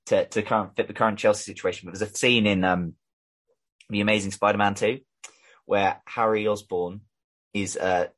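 A man hosting a casual fan podcast, talking fast in a rambling, frustrated way, with lots of fillers and restarts. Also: lowish voice, steady tone, a bit bright. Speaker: podcast host.

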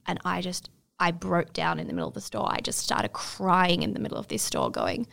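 A young woman in her twenties, giving a reflective, halting personal testimony in an interview. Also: on the low side, huge pitch swings, vocal fry, a bit bright. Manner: reflective, halting, many fillers.

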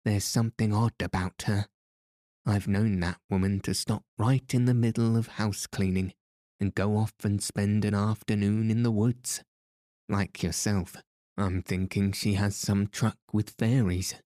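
A man's voice: fairly low pitch, fairly even intonation, unhurried, dark tone, dry recording, lightly acted. A man reading the part of a genial, teasing middle-aged priest with dry, playful humor. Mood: gently teasing.

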